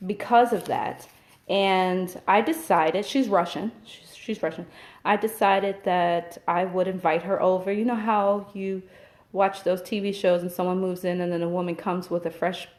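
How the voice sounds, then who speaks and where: A woman's voice: fairly low pitch, fairly even intonation, measured pace, darkish tone. Brief: woman host, chatty storyteller, home live stream on a webcam. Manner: chatty storyteller, many fillers. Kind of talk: casual chat. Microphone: webcam or phone, live stream.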